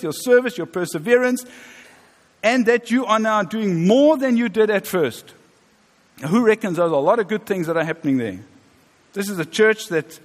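A high-voiced man in his fifties preaches a sermon in a conversational, joking way. His voice carries through a reverberant church hall with a long tail. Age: 50s. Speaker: pastor.

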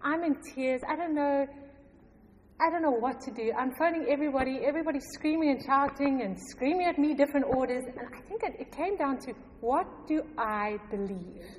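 A middle-aged woman telling a personal faith story to a congregation, animated and often laughing. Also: sits high, fairly quick, slight background noise. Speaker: church member giving testimony. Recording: long hall reverb.

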